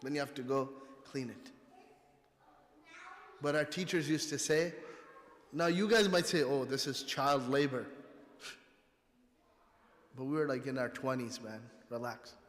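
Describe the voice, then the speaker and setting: Preaching in the echoing hall of a mosque, this Urdu-speaking guest has a slightly bright, mid-range voice and a measured pace broken by long pauses. The sermon unfolds as conversational storytelling, wrapped in the hall's long reverb.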